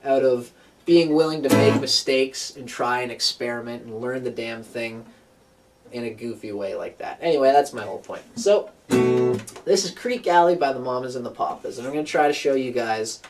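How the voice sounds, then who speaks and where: Man, casual guitar lesson, rambling and relaxed, distant mic, loud guitar strumming. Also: mid-range voice, moderate pace. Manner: laid-back, rambling, many fillers. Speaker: guitar teacher.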